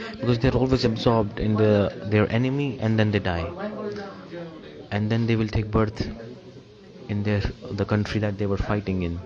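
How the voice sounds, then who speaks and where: A man with an Indian accent interprets a spiritual lecture, speaking in a low, even voice as he rephrases himself and asks the room rhetorical questions. The translated sermon comes through a dull, muffled lo-fi recording with the crowd audible behind him.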